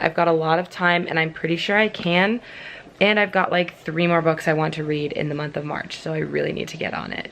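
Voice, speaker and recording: A woman's voice: lowish voice, fairly bright tone, slight background noise. A young woman from Southern California chatting casually in a home vlog, rambling with lots of fillers and small laughs. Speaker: book vlogger. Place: at home indoors.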